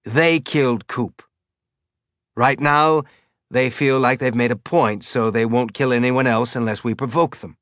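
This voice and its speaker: A man's voice: mid-range voice, fairly even intonation, measured pace, a bit bright, dry recording, clean studio sound, close to an everyday voice. A man voicing an earnest, stocky peacemaker. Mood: urgent. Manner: earnest, urgent, pleading. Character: big stocky man pleading for calm.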